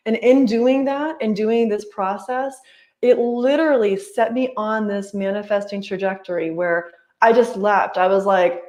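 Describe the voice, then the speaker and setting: A woman's voice: medium pitch, steady tone, a little slow, a little mellow. A woman who works as a life coach and yoga teacher tells her story in a casual interview. She is earnest and chatty, and she keeps saying "like" and "right?".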